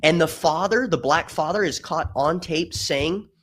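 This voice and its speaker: A man's voice: on the high side, unhurried, fairly bright tone, slight background noise. A man talking as a podcast guest in a casual political discussion, emphatic and given to storytelling with mimicked voices.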